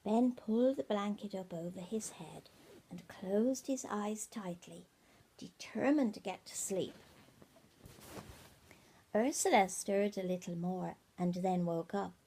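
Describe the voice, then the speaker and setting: Older grandmother reading slowly, gravelly voice. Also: medium pitch, a little hiss or hum. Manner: gentle, asks the children questions, often drops to a whisper. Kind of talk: bedtime story reading. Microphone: iPad mini.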